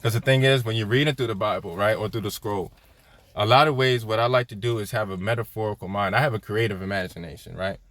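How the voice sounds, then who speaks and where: A man's voice: lowish voice, quick pace, fairly bright tone, dry recording. Casual, chatty Bible-teaching man. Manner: conversational, peppers lines with "right?", laughs often; chats with viewers while reading scripture aloud.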